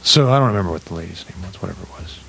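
A man's voice: low-pitched, rapid-fire, creaky, a little hiss or hum. A man telling a crude joke story in casual podcast chat, swearing constantly and acting out every quote. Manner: profane, animated storyteller, acts out quotes. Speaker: podcast co-host.

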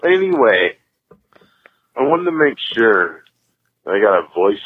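A man's voice: medium pitch, big pitch swings, slow pace, breathy edge, phone-quality sound. A tipsy man leaving a rambling, giggly voicemail, hiccuping as he talks. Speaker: voicemail caller. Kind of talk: casual voicemail.

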